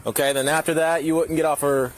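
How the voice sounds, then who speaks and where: A male police officer questions witnesses in a calm, low-key voice. He speaks into his own bodycam, with clear street noise around him. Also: fast.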